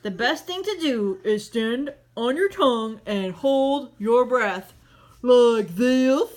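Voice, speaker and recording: A woman voicing a dim, slow-witted male starfish who speaks in a dopey way. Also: fairly high pitch, expressive, darkish tone.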